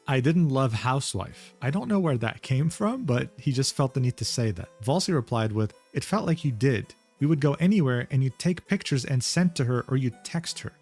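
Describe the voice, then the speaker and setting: Male narrator, mid-pitched, sardonic storytelling, light music bed underneath. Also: a little mellow. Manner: reads out messages, sardonic asides. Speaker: commentary video narrator. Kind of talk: narrated drama commentary.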